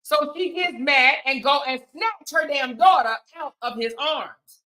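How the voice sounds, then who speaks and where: A woman hosting a reaction commentary, talking in a sassy, emphatic, animated way. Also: high-pitched, slow, few pauses, poor audio. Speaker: commentary host.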